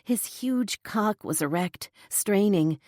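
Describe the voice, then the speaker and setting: A woman narrating a first-person romance audiobook in an intimate, breathy, confiding manner. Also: medium pitch, expressive, takes it slowly, a little mellow, no echo, studio quality.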